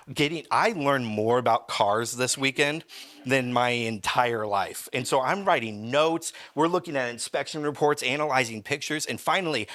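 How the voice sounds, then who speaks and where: A man's voice: medium pitch, fairly bright tone. A young adult man, a pastor, telling a personal story in a sermon, rambling and cutting himself off mid-sentence. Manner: rambling, self-interrupting storyteller. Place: church.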